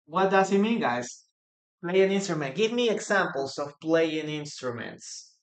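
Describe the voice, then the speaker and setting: A man's voice: fairly high pitch, lively intonation, a little slow. A man with a Peruvian Spanish accent, a native Spanish speaker, teaching a live online English lesson, repeating phrases for practice and answering viewers' comments.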